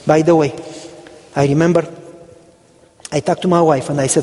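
Man from Romania, pastor, high voice, storytelling sermon, acts out dialogue, long hall reverb. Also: moderate pace, soft background music. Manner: animated storytelling, acting out dialogue.

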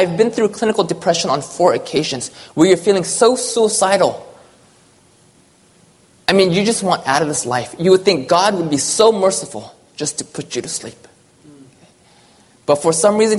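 An earnest preacher giving a personal sermon, moving between urgent, rising lines and hushed, quiet ones. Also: mid-range voice.

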